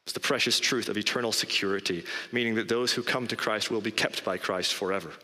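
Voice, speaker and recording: A man preaching a sermon as pastor, emphatic and rising in pitch on key phrases. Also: fairly even intonation, fast talker, sharp tone. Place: church sanctuary. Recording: long hall reverb.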